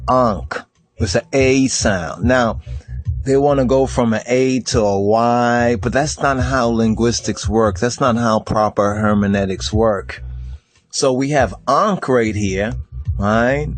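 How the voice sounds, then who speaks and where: A man's voice: mid-range voice, no echo. A man teaching from a screen share, checking in with "right?" after nearly every phrase and repeating words as he goes. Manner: Rastafari speech, says "I and I". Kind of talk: screen-share lecture on ancient symbols.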